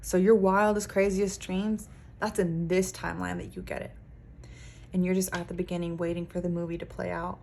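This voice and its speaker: Lady psychic reading tarot, low-ish voice, earnest and pumped up, says like a lot. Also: level tone, normal speed, gravelly, darkish tone, slight background noise. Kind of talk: pick-a-card tarot reading to camera.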